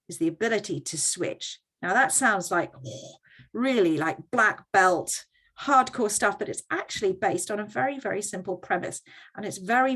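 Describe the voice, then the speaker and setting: A woman's voice: medium pitch, a bit bright, slightly rough. A woman presenting a workshop in a conversational teaching style, often checking in with her audience.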